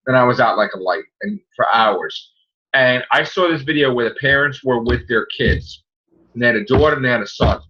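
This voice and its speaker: A man hosting a casual podcast, telling stories in an animated way and acting out the people he quotes. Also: mid-range voice, a little fast. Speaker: podcast host. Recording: muffled lo-fi audio.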